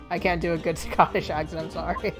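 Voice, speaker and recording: Woman, game streamer, chatty, laughing asides, low-pitched, music behind. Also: steady tone, quick pace. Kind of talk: casual chat while reading a game aloud.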